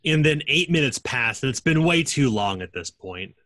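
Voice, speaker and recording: A man's voice: mid-range voice, lively intonation, fairly bright tone, dry recording. A man narrating a tabletop game as game master, describing scenes at length with frequent fillers and restarts. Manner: descriptive, halting with many fillers.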